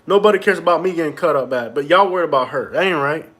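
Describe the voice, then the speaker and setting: A man with a notably high voice talks loosely to his viewers on a phone live stream at home. He rambles, jokes and complains in a playful, mock-aggrieved way. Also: fast, a bit bright. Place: at home indoors.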